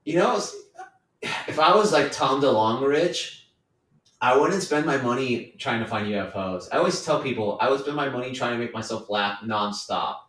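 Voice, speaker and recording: A man's voice: mid-range voice, expressive, normal speed, a bit bright. A young man from California, co-hosting a podcast in casual, rambling, jokey chat. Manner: laid-back, rambling, jokey. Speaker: podcast co-host. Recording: echoey room.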